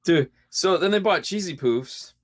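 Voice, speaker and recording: A man co-hosting a casual podcast chat, telling animated stories, acting out quotes and laughing often. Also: on the high side, a little slow, slight background noise. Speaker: podcast co-host.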